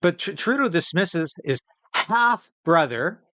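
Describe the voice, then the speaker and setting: A man's voice: a little high, big pitch swings, slow pace, sharp tone, no room sound. A man hosting political commentary, reacting to interview clips in an indignant, sarcastic way with a Canadian accent.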